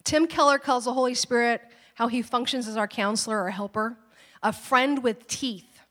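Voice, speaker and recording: A woman in her thirties delivers a sermon in a relaxed, conversational way, weaving in personal stories and slipping into quoted voices. Her voice sits fairly high for a woman. A long reverb from a church hall trails behind her words. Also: normal speed. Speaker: pastor.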